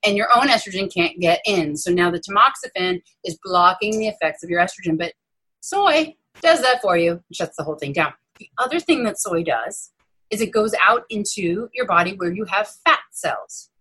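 A middle-aged woman, a breast cancer surgeon, giving an animated guest explanation with playful, self-mocking asides. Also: medium pitch, normal speed, husky, rough recording. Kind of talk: animated explanatory interview talk.

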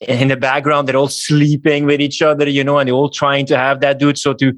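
A man's voice: mid-range voice, monotone, brisk, a bit bright, no echo, studio quality. A man in casual podcast chat, earnest and opinionated, lecturing steadily.

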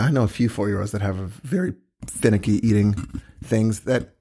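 A man's voice: medium pitch, slightly rough. Laid-back stubborn co-host in his forties. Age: 40s. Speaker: podcast co-host. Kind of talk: casual podcast banter.

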